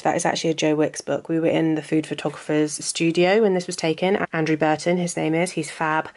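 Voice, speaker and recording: A woman in her thirties with a low voice, chatting to camera in a casual vlog. She talks candidly and drifts from topic to topic, her voice emotional and close to tears. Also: darkish tone. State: tearful, emotional. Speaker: vlogger and author. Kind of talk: casual talking-head vlog.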